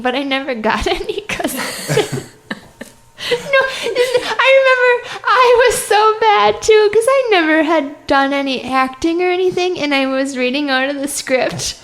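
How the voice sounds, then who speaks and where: A woman comedian on a podcast, telling self-mocking stories in an animated way and laughing often through them. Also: sits high. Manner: many fillers and restarts. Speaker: comedian guest. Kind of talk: anecdotal interview chat.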